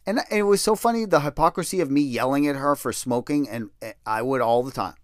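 A middle-aged man hosts a casual storytelling podcast, rambling and self-deprecating as he shares stories from his life. At times he reads a memoir draft aloud in a lower, slower voice. The recording is dry, with clean studio sound.

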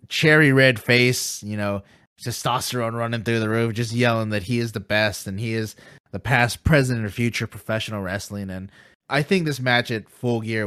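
A man co-hosting a casual wrestling podcast, relaxed and recapping matches in detail. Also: fairly low pitch, smooth, dry recording, clean studio sound. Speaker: podcast co-host.

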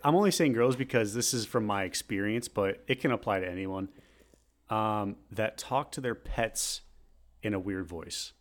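A young man co-hosting a casual podcast, ranting and mocking baby talk with squeaky impressions. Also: normal speed. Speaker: podcast co-host. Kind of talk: casual chat.

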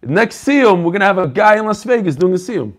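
With a high-pitched voice that swings widely in pitch and runs a little fast, a man hosts an online learning group on a video call. He chats casually with the group, joking and calling out greetings to people by name.

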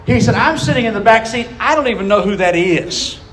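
A man preaching a sermon, telling a story with animated, acted-out quotes that build in intensity. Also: high voice, brisk. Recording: echoey hall.

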